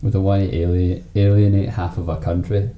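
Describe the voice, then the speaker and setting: A man's voice: sits low, little pitch movement, brisk, phone-quality sound. A man co-hosting a podcast in casual chat, mostly giving short reactions and dry asides. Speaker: podcast co-host. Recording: echoey room with faint noise.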